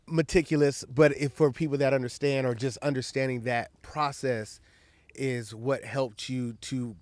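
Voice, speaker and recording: A man hosting a casual interview podcast, asking questions in a halting way with many restarts and frequent "mm-hmm"s. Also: mid-range voice, steady tone, darkish tone, no room sound. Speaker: podcast host.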